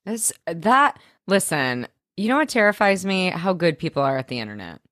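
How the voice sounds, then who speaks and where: A woman co-hosting a podcast, reacting in animated casual chat and recapping the plot. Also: lowish voice, no room sound, studio quality. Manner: animated, reactive, quick to laugh and gasp. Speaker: podcast co-host recapping a TV episode.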